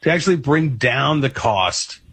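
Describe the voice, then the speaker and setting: A man's voice: medium pitch, animated, unhurried, a bit bright, breathy edge. A man hosting a radio interview, asking casual, rambling questions with plenty of fillers. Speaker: radio host.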